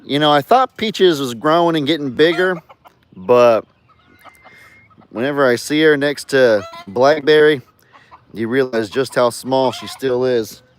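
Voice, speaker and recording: A man's voice: mid-range voice, a little slow, smooth. A man chatting casually on his farm in a vlog, cooing at his animals and telling viewers about his day. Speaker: farm vlogger. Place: outdoors on a farm.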